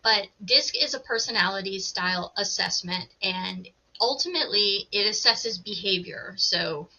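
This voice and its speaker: A woman coach explains things to a podcast host in a bright, lively voice and laughs easily. The recording sounds a little dull and lo-fi. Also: medium pitch, moderate pace. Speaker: coach and guest. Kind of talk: casual interview explanation.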